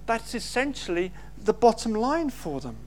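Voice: mid-range voice, very animated, moderate pace, a little mellow, slight background noise. A preacher delivers a sermon in an emphatic way. The speaker builds each point with rhetorical questions and stresses key words.

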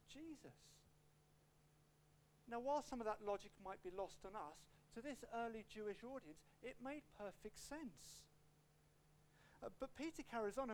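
Animated male preacher, varied pace. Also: very high voice, slight background noise. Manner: animated, acts out quotes, shifts pace a lot. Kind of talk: expository sermon with a personal story.

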